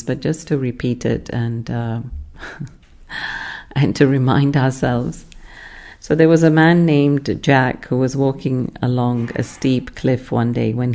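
A spiritual teacher giving a measured class talk, explaining ideas and asking the listeners rhetorical questions. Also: medium pitch, a little mellow.

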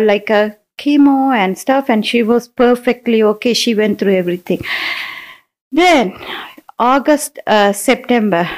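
Halting woman calmly telling a loss. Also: medium pitch. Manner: halting, with many restarts and fillers; calm and steady while telling of loss. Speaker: speaker sharing a personal testimony. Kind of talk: personal testimony.

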